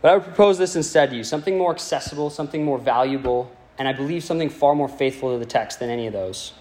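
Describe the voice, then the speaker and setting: A man's voice: medium pitch, quick pace, darkish tone. A man preaching a sermon to a congregation, speaking in a conversational, playful way and putting questions to his listeners.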